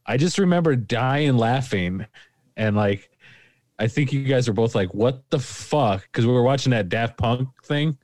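A man's voice: mid-range voice, a little mellow, no echo, studio quality. Man rambling through a giggly story. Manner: rambling, laughs while telling. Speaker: podcast co-host. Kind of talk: casual podcast chat.

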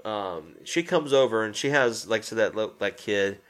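A man's voice: lowish voice, animated, moderate pace, a bit bright. A man in casual conversation, animatedly retelling a film scene, acting out the characters' lines, swearing and laughing often. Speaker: co-host discussing a film. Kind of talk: casual chat.

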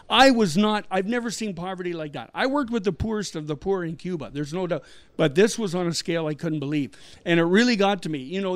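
A middle-aged man from Canada, a missionary guest telling a story with animated delivery and acted-out quotes. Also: high-pitched, clear, resonant tone. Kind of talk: storytelling interview.

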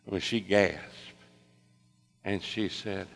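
A man preaching a sermon, telling a story with lively swings between loud excitement and soft hushed tones. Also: on the low side, brisk, vocal fry, faint music behind. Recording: long reverb of a large hall.

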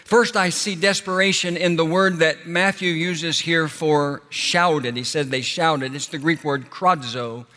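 A male pastor preaching a sermon, rising to loud passionate peaks and then dropping soft and slow. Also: fairly high pitch, steady tone, big-room sound.

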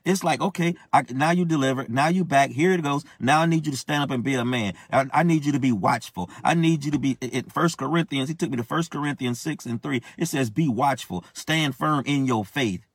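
A man's voice: on the high side, fast talker, hardly any pauses, breathy edge, dry recording, studio quality. A man preaching a sermon, urging listeners with impassioned, repetitive exhortation.

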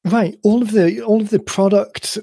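A man hosting a podcast, explaining his points at length in an emphatic conversational way, his voice a little croaky. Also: high voice, steady tone, moderate pace, warm tone, dry recording, studio quality. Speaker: podcast host.

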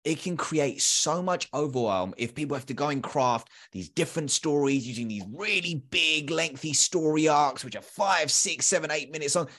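A man's voice: fairly high pitch, moderate pace, hardly any pauses. A man in his thirties, a sales trainer, talking energetically as a podcast guest with emphatic repeats. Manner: animated, acts out quoted dialogue; emphatic repetition.

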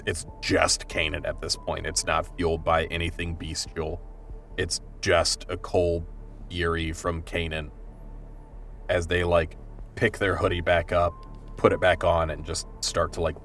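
Brief: player in a tabletop game, very low voice, loose filler-heavy describing, a bit far off mic with music. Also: male voice, flat delivery, unhurried, fairly bright tone. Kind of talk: tabletop role-play narration.

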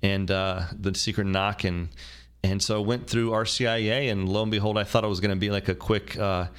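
A man's voice: on the low side, steady tone, a little fast, smooth. A man hosting a podcast in casual chat, rambling and joking with many fillers and restarts. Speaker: podcast host. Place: new studio with construction noise.

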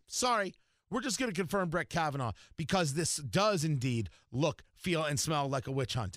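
A man's voice: a little high, lively intonation, a little fast, fairly bright tone, dry recording, studio quality. A man hosting a talk radio show, delivering sarcastic, mocking political commentary.

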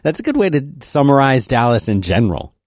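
A man's voice: medium pitch, sing-song, brisk, a little mellow, no room sound, studio quality. A man chatting casually as a podcast co-host, agreeable and explaining things at length. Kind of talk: casual chat.

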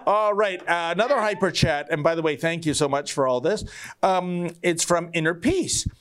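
A man's voice: a little high, moderate pace, fairly bright tone. A man hosting a live stream, reading viewer chats aloud with wry jokes and theatrical emphasis. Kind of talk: casual live-stream talk.

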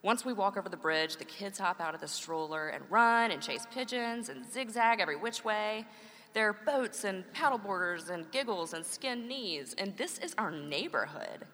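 A woman's voice: mid-range voice, lively intonation, normal speed, a bit bright. A woman in her thirties, a mother and co-host, reading a scripted conversation with wry, playful humor. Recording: long hall reverb.

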